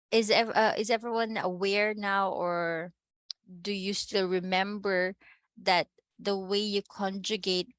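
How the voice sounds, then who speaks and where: A woman's voice: medium pitch, a bit bright, dry recording. A woman with a Filipino accent teaching a Spanish class, often checking in with "no?" and "okay?" and slipping in Tagalog phrases. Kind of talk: online class lecture.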